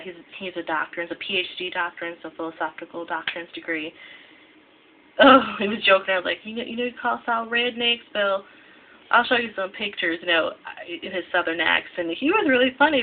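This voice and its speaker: Tired rambling young woman vlogger. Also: fairly low pitch. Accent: American Midwest. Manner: rambling, many restarts and self-corrections. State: tired, half asleep. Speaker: culinary student vlogger. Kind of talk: casual vlog talk to camera. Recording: tinny lo-fi with faint hiss.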